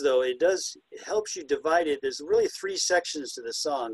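Here the bird-song talk comes in a fairly high, animated voice that is brisk with few pauses, a little mellow and slightly rough. He stays chatty and self-deprecating, sometimes whistling and hooting the calls. The recording is rough, with no room sound.

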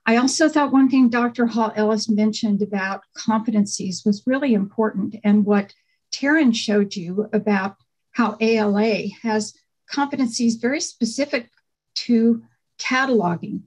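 A middle-aged woman, a faculty panelist, giving a conversational workshop talk over a video call with frequent pauses and fillers. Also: a little high, a little mellow, poor audio. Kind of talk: online workshop presentation.

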